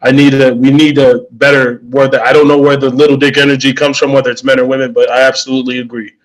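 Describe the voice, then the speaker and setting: A man's voice: medium pitch, little pitch movement, fast, poor audio. A man speaking as a podcast guest in casual chat, joking but conciliatory.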